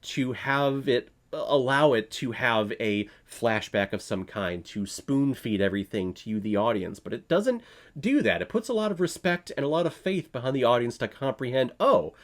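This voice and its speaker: A man's voice: medium pitch, lively intonation, normal speed. Blunt, sarcastic male movie reviewer. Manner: sarcastic asides, blunt, occasional swearing. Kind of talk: casual opinionated review.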